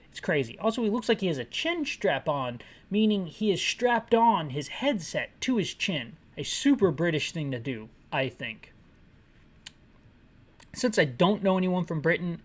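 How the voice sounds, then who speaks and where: A woman giving comedic, sarcastic commentary on an old game with audio description, rambling and correcting herself as she goes. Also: fairly low pitch. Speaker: game retrospective narrator and describer.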